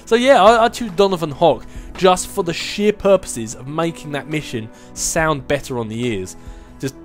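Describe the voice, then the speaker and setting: There's faint music behind this casual YouTube Q&A, where a man in his twenties responds to viewer questions. His voice is fairly high and his pace normal, and he rambles with lots of restarts and laughs.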